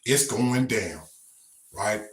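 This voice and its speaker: Brief: slangy male storyteller, low voice, laid-back, echoey room. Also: expressive, drawn-out words, a little hiss or hum. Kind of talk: casual storytelling.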